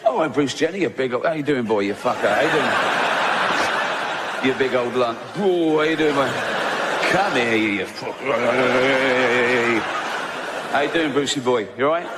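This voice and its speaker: A brash doctor who greets everyone like an old drinking mate and swears freely, played by a man as part of his routine. The voice sits at an ordinary male pitch, and the recording is buried in loud background noise. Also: moderate pace, close to an everyday voice. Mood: boisterous. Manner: crude, matey, swearing.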